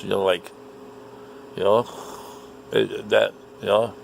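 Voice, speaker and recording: Slow, gravelly man ranting. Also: on the low side, a little hiss or hum. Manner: indignant, profane, repetitive. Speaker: vlogger. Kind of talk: ranting monologue to camera.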